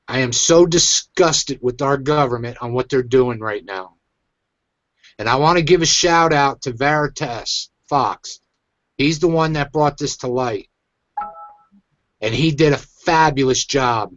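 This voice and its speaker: A man's voice: medium pitch, unhurried, fairly bright tone, dry recording, muffled recording. A man hosting his own online show, venting in an agitated, emphatic rant. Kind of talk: angry ranting commentary.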